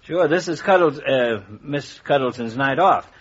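An actor playing a jovial, teasing small-town doctor in a 1940s radio comedy. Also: male voice, mid-range voice, animated, unhurried, husky. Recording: dull lo-fi old radio transcription.

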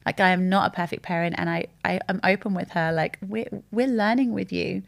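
A woman's voice: lowish voice, a little fast, vocal fry. A woman, a podcast guest talking candidly and telling stories with quoted voices. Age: 30s. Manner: open, animated storytelling with quoted voices. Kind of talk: candid conversational chat.

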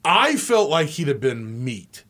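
A man on a sports talk show spins a rowdy story, his voice rising high and swinging widely as he acts out the people in it. He laughs through the telling and keeps the energy up. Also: very animated, a little slow, pushed and bright. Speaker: sports radio co-host. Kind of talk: casual storytelling on a radio show.

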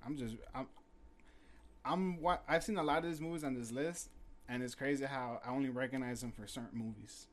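A man's voice: mid-range voice, fairly quick. A man chatting casually on a podcast, loose and profane, calling his friends "bro". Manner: loose, swearing, drops "bro" a lot. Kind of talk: casual chat.

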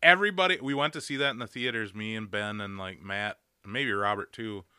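A man in his thirties in casual podcast chat, swearing a lot and breaking into loud mock yelling as he rants. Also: lowish voice, a little fast, clean tone, no echo, clean studio sound. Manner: profane, ranting, bursts into loud mock yelling. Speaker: podcast co-host.

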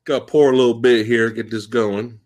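A man's voice: mid-range voice, fairly even intonation, fairly quick, a little mellow. A man hosting a live-stream podcast, laid-back and greeting viewers by name. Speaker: host. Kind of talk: casual live-stream chat.

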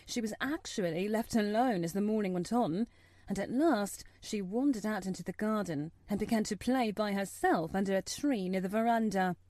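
A woman reading a story aloud as an audiobook narrator, measured and expressive. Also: mid-range voice, dry recording.

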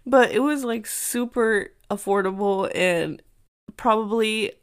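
Chatty woman in her thirties, smooth voice. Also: medium pitch. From United States. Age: 30s. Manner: chatty storyteller mixing in Spanish phrases, quick bursts and laughs. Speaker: podcast host. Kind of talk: casual chat.

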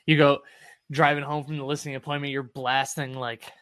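A man co-hosting a casual podcast about real estate, animated and candid, acting out his past self and swearing freely. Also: mid-range voice, moderate pace, clean tone.

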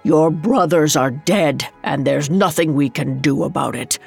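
A woman voicing a grieving old king who speaks in a low, gruff, resigned way. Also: a little slow, darkish tone, soft background music, exaggerated voice. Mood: despairing.

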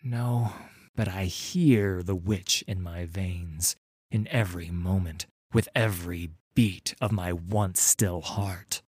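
A gaunt, frozen undead man from a storybook, as a man voices him, speaking in a low, grave and measured voice. His pace is slow and unhurried, the sound dry and close. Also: a little mellow, breathy edge, no room sound, heavily acted. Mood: solemn. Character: gaunt undead man, blue and translucent, solemn.

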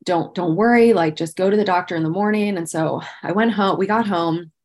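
A woman's voice: lowish voice, fairly quick, a little mellow. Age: 30s. Sex: woman. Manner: earnest storyteller. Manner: earnest, conversational, frequent "like" fillers; speaks about painful memories with visible emotion. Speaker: podcast guest. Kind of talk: candid personal storytelling.

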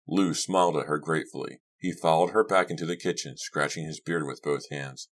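A man narrating an audiobook in a steady, measured reading. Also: a bass voice. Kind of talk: scripted narration.

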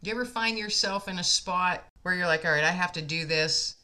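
A woman's voice: fairly low pitch, a little fast, pushed and bright. A woman hosting a casual conversation, telling an earnest, heartfelt story with frequent fillers.

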